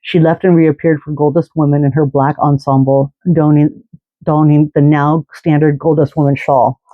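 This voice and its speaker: A man's voice: on the high side, flat delivery, moderate pace, dry recording, narrow, tinny audio. A man telling a long, rambling story in a casual, chatty way, full of fillers and restarts. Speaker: fan podcast host.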